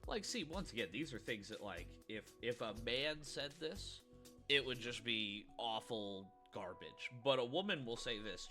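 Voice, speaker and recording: A man's voice: medium pitch, sharp tone. A man ranting in a reaction commentary, stumbling and repeating words as he goes. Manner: stammering, repeats words, rants.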